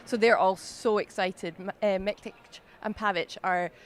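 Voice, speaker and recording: A woman's voice: mid-range voice, steady tone, normal speed. Bubbly female co-host. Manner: bubbly, friendly banter. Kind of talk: live show presenting. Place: tennis court stands.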